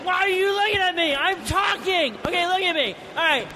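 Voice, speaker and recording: A man's voice: very high-pitched, brisk, sharp tone, a little hiss or hum. A man voicing a pushy, self-important male mayor at a public event who demands that everyone look at him. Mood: demanding.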